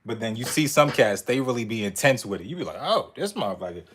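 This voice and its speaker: A man's voice: mid-range voice, quick pace. A man chatting casually on a live stream as he reacts to movie clips, swearing a lot and laughing often. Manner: profane, animated, laughing often. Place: indoors in front of a screen.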